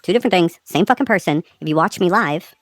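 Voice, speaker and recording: Angry Boston woman, low voice, ranting. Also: expressive, dry recording, rough recording. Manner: angry, profane, rapid rants. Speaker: livestream panelist. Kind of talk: heated livestream panel talk.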